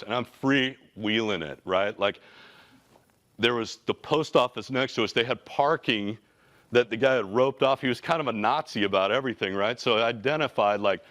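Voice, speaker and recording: A man in his forties, a company CEO, giving a motivational talk with energetic, casual and slangy storytelling. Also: mid-range voice, moderate pace. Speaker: company CEO, guest speaker.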